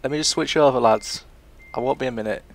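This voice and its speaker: A man's voice: medium pitch, fast, vocal fry. A young British man, chatting casually and rambling through his gameplay commentary. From Britain. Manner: rambling, chatty, self-mocking. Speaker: gaming YouTuber.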